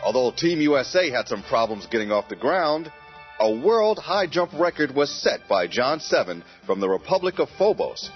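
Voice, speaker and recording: A genial anchorman, voiced by a man, reads the news in a spoof newscast. His middle voice moves up and down brightly. It sounds dull and lo-fi, with faint music. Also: mid-range voice, very animated, normal speed, lightly acted. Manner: smooth, bright newsreader delivery.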